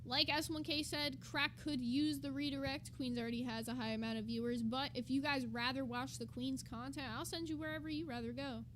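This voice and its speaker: A woman's voice: sits high, steady tone, a little fast, few pauses, a bit bright, slight background noise. A woman co-hosting a livestream in loose, chatty talk, full of fillers and casual cursing. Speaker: livestream co-host.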